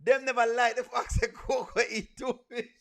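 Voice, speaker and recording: High-voiced Jamaican man laughing through commentary. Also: steady tone, moderate pace, gravelly, fairly bright tone, slight background noise. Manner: repetitive, keeps breaking into laughter. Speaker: reaction video host. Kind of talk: comedic reaction commentary.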